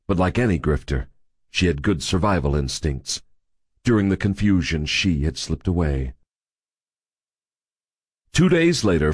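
Deep raspy guy reading a book, dry close mic, steady pace. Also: dry recording. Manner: measured, steady storytelling. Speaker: audiobook narrator. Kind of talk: scripted narration.

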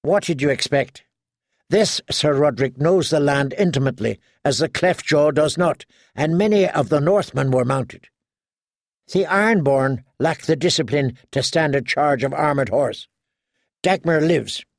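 Male reader playing a scornful older sister, calm and cutting, dry close sound. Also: a little high, measured pace, no echo. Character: cool, scornful woman warrior, older sister.

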